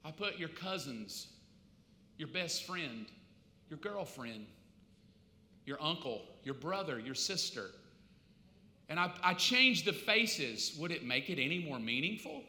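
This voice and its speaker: A man preaches a sermon in a church sanctuary, his bright, forceful voice ringing through a reverberant hall. He moves between hushed storytelling and loud, pleading outbursts. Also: a little high, very animated, a little slow, long pauses, slight background noise. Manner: swings from quiet storytelling to loud acted pleading. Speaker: pastor. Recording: echoey hall.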